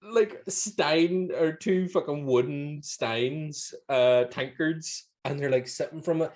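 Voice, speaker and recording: A man's voice: on the high side, takes it slowly, darkish tone. A man with a Northern Irish accent co-hosting a casual horror film review, rambling and swearing freely as he retells scenes. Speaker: podcast co-host.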